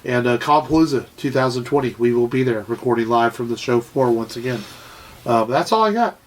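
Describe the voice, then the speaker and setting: A man's voice: medium pitch, brisk. A man co-hosting a podcast in casual, enthusiastic chat, rambling with fillers and swearing, his voice a little nasal from a cold. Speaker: podcast co-host.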